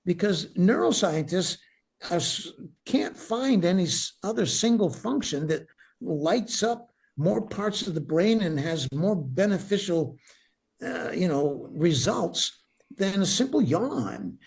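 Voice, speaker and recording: An enthusiastic man talks in a casual interview, explaining things with real energy and breaking into laughter now and then. His voice is a little husky, and his pitch swings widely as he makes his points. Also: takes it slowly. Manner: animated, enthusiastic, laughs often, restarts sentences. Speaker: breathwork teacher, podcast guest.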